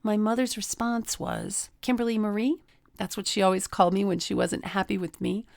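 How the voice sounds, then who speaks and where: A middle-aged woman hosts a self-help talk on relationships, with a gravelly, creaky edge to her voice. She teaches through personal anecdotes and acts out the people she quotes. The sound is dry and close, with no room echo. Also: mid-range voice, steady tone, a little fast, darkish tone. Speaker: relationship coach, podcast host.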